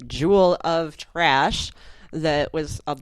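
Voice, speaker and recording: A woman co-hosting a political podcast, tossing in wry, quick asides and laughing often. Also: low-pitched, clear, resonant tone, dry recording. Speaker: podcast co-host. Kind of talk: casual political talk.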